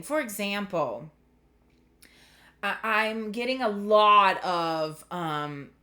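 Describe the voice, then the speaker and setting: A woman's voice: mid-range voice, fairly bright tone. A woman giving a casual spiritual tarot reading, chatty and earnest, getting emotional as she talks. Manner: chatty, earnest, trailing off into filler words. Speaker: tarot reader.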